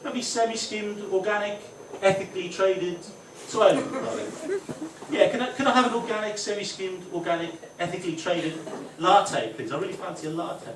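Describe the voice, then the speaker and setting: A man's voice: high-pitched, moderate pace, pitched above the performer's own voice, lightly acted. A man doing a prissy pampered man. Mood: fussy. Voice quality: prissy and pleading. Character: pampered soft-spoken man ordering fussy coffee. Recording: echoey room from far off, noisy.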